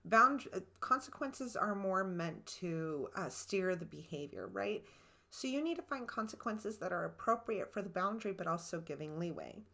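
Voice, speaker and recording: A woman's voice: medium pitch, animated, moderate pace, gravelly, pushed and bright. A woman co-hosting a marriage podcast, earnestly explaining boundaries with worked examples from her own marriage. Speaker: podcast co-host. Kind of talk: relationship advice talk.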